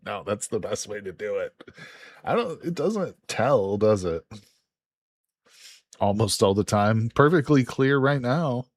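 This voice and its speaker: A man's voice: lowish voice, expressive, slow, pauses often. A man from Illinois casually commentating a multiplayer game on a live stream, laid-back and joking as he goes. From Illinois, USA.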